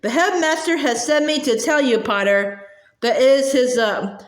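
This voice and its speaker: A woman voicing a cold, sneering male wizard teacher who speaks quietly and disdainfully, in a roomy echo. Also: sits high, normal speed, lightly acted.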